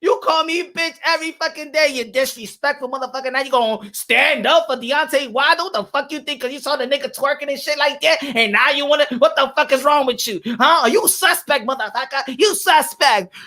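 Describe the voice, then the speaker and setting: A man's voice: very high-pitched, brisk, few pauses, sharp tone. A man voicing a fed-up wife who scolds her husband with constant cursing. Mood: furious. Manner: cursing, exasperated.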